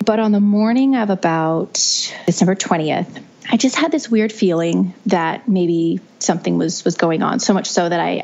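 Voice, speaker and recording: A young woman with a lowish, gravelly voice recounts her birth story as a podcast guest. She talks in a chatty way, restarting her phrases and leaning on "you know." The audio is dull and lo-fi. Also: darkish tone. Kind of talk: casual storytelling.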